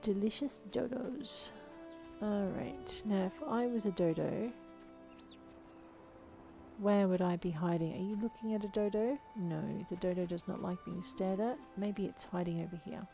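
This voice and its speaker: Woman playing a game, chatty, playful, gravelly voice, dull lo-fi sound, faint music. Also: medium pitch, normal speed, mellow. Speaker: game player. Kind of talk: let's play commentary.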